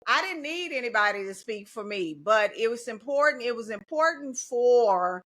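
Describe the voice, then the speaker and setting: A woman's voice: on the high side, expressive, moderate pace, fairly bright tone. A middle-aged woman, a teacher and union organizer talking casually and determinedly as a podcast guest. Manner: determined, speaks in slogans, laughs easily.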